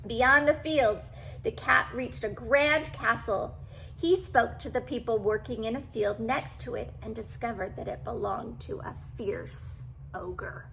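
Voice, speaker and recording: An older woman reading a classic storybook aloud to children, animated and stopping for asides to the listener. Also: a little high, a little slow, gravelly, slight background noise, poor audio.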